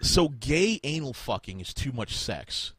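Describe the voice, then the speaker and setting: A man's voice: medium pitch, sing-song, measured pace, a crowd in the background. A man hosting a podcast, talking in a profane, exasperated rant. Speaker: podcast host. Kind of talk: casual podcast chat.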